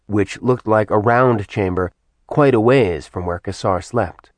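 A man reading a novel aloud in an even, measured narration. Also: fairly low pitch, dry recording. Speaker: audiobook narrator. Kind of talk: scripted narration.

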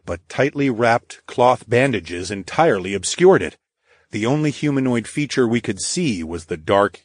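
Male audiobook narrator, steady measured reading, lowish voice, dry close sound. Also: no room sound. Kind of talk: scripted narration.

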